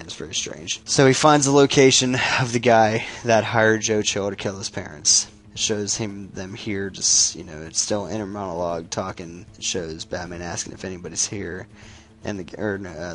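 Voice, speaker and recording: A man's voice: low voice, fairly even intonation, normal speed, a bit bright. A man casually retelling a comic book's plot, swearing freely and restarting his sentences. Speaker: comic book recap YouTuber. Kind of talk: casual spoken comic recap.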